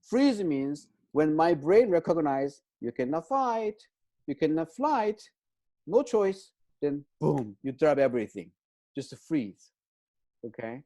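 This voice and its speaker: As a guest expert on trauma, this man explains an idea step by step in an interview. His somewhat high voice is soft and mellow with big pitch swings, and his halting, non-native English is full of "um" and questioning "right?".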